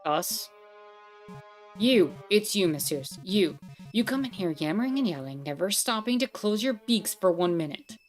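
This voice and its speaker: A woman's voice: medium pitch, animated, normal speed, soft background music, natural voice. A woman reading game dialogue aloud, voicing a grumpy, condescending male bird librarian who talks in a haughty, impatient way. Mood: scornful.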